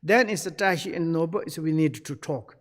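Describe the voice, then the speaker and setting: A man giving a Buddhist teaching online, speaking halting English with many fillers and acting out bits of dialogue. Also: fairly high pitch.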